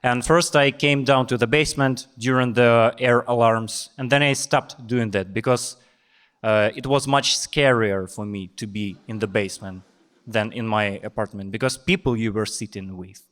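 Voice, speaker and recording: A young man with a Ukrainian accent doing deadpan stand-up comedy on a stage. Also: mid-range voice, normal speed. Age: young adult.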